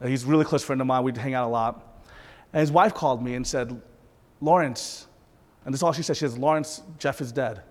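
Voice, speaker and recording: A man preaching a sermon as a pastor, impassioned, swinging between intense peaks and soft, hushed asides. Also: mid-range voice, racing. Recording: long reverb of a large hall.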